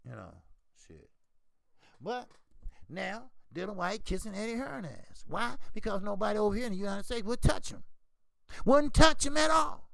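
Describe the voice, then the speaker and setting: A man hosting a boxing channel, talking casually in animated, profane trash-talk. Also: high voice, normal speed, creaky, no room sound. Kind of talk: casual commentary.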